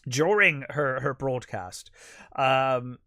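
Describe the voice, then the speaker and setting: Man, mid-pitched, casual podcast chat, halting restarts, dry close sound. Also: pushed and bright, no room sound. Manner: rambling, lots of fillers and restarts. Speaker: podcast co-host. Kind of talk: casual film review chat.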